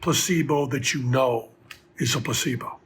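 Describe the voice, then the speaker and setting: A man's voice: medium pitch, normal speed, slightly rough. A man asking the hosts a recorded question in a musing, conversational way. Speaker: guest questioner.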